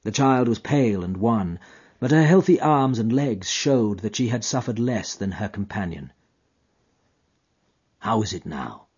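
A man narrating a literary story in an expressive, dramatic, drawn-out manner. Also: medium pitch, husky, highs cut off. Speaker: audiobook narrator.

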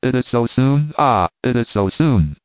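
Man reading as a young woman prisoner, doomed, low soft voice, audiobook dialogue, tinny phone-like sound. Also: animated, a little slow, no room sound, lightly acted. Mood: quiet dread. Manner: low, soft-voiced, rising to anguished pleas.

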